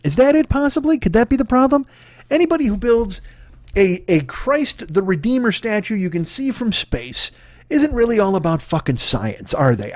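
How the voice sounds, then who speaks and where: High-voiced profane comedy ranter. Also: male voice, a little mellow, no echo, studio quality. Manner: profane, ranting, stammering restarts. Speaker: podcast host. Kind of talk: comedic solo rant.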